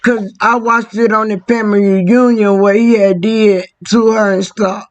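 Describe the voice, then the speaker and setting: A host in casual chat, asking relaxed questions. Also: mid-range voice, normal speed, muffled recording.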